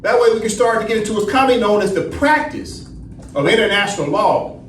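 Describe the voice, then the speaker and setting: A man's voice: high-pitched, lively intonation, brisk. A man teaching a study session, asking the class questions and answering them himself, checking in with "right?" again and again. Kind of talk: lecturing class. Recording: roomy echo, distant mic, faint noise.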